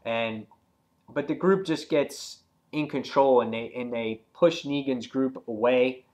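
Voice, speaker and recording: A man reviewing a comic book in casual talk, retelling scenes excitedly with many fillers and acting out the characters' lines. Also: medium pitch, slow. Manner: loose and rambling, many fillers.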